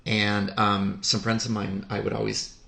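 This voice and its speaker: A man telling a personal story on a podcast, speaking in a halting, heartfelt way with many pauses. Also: fairly low pitch, level tone, creaky, a bit bright. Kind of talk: podcast conversation. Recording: roomy echo.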